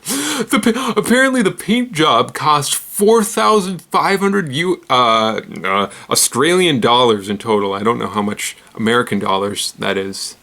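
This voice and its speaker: A man's voice: mid-range voice, expressive, a little slow, pushed and bright. A man hosting a casual weird-news roundup, rambling and giggly, poking fun at himself as he stumbles over words. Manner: rambling, giggly, self-deprecating. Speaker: host.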